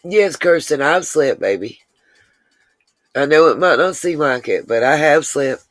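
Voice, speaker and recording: A low-voiced woman, recorded without any room ambience, runs a casual livestream where she answers viewer comments as they come in. Her style is chatty and direct to the audience, full of long asides.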